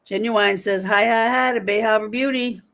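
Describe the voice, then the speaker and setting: A woman's voice: mid-range voice, steady tone, normal speed, creaky, fairly bright tone. A woman in her fifties hosting a casual livestream from home, chatting animatedly and reading viewer comments aloud. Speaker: livestream host.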